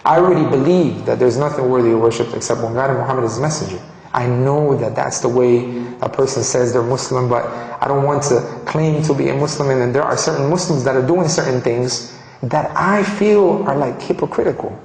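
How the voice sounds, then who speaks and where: A man from Colombia giving a personal testimony, animated and restarting phrases as he tells his story. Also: medium pitch, a little fast, gravelly, a little hiss or hum. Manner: animated, acts out quoted dialogue, frequent restarts. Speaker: speaker sharing his conversion story. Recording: echoey hall reverb.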